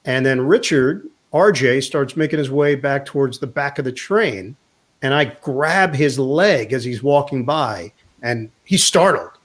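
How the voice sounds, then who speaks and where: A man, a sports broadcaster, telling an animated anecdote in a casual interview and quoting people along the way. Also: medium pitch, measured pace. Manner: animated anecdote teller, quotes others in voices.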